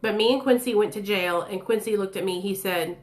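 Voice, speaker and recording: A woman's voice: mid-range voice, fairly quick. A woman in her thirties telling her own story in casual, blunt, profane speech, acting out the voices of others. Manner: blunt, profane, animated, acts out quoted voices.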